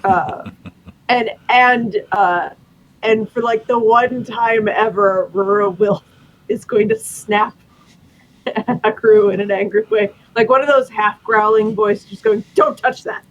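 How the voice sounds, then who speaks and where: Halting player thinking out loud. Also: mid-range voice, fairly even intonation, dull audio. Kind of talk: casual tabletop game chat.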